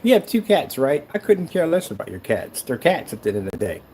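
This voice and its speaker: A man's voice: on the high side, very animated, fairly quick, darkish tone, slight background noise. A man who makes screen paint, delivering a sarcastic, rambling online rant that taunts a rival.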